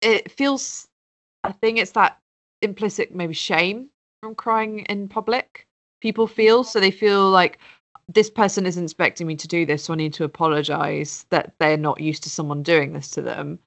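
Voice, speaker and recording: A woman's voice: on the low side, normal speed, gravelly, a bit bright. A woman co-hosting a podcast, thinking aloud in casual chat, hesitant with many ums and restarts. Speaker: podcast co-host.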